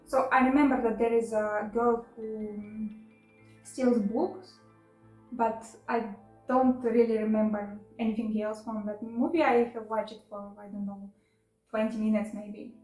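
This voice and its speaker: A woman's voice: fairly high pitch, fairly even intonation, unhurried, darkish tone, echoey room, faint music behind, poor audio. A woman with chatting casually in a book haul video, emotional and laughing often with many fillers. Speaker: book vlogger.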